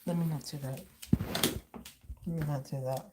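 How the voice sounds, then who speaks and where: A woman's voice: deep voice, fairly even intonation, normal speed, very noisy. A woman hosting her own channel, ranting in a blunt, profane, sarcastic way to her viewers. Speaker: channel host. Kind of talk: casual ranting vlog.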